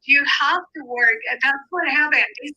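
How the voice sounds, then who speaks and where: A woman with an accent talking on a video call, her voice high and bright. She speaks animatedly and often repeats words as she goes. It is a relaxed, chatty delivery. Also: moderate pace, muffled recording. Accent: foreign accent. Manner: animated, enthusiastic, repeats herself. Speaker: guest. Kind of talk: casual chat.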